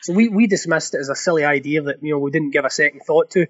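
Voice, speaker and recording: High-voiced Scottish man telling stories. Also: fast, lo-fi sound. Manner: laughs through his story, repeats words. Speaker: guest storyteller. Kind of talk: animated anecdote telling.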